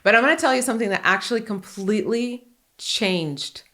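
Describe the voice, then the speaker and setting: A woman's voice: fairly high pitch, a little fast. A woman in her forties hosting a podcast, chatting casually, joking and telling candid stories. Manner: animated, joking and candid storytelling. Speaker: podcast host.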